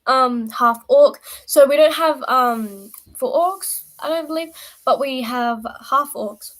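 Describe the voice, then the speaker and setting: A woman's voice: high-pitched, slow, poor audio. Chatty woman streamer, rambling and playful. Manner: rambling, self-interrupting, playful. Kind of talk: casual live-stream chat.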